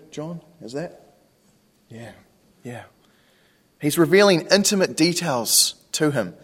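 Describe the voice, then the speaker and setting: A man, a pastor preaching a sermon in a conversational way, often asking rhetorical questions. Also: on the high side. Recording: long reverb.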